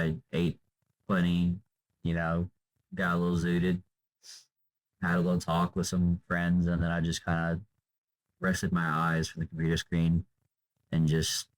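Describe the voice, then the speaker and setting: A young man vlogs off the cuff, tired and drained, meandering with lots of fillers and trailing off in an unscripted monologue. His low voice is completely flat, measured, with long pauses, in a rough recording.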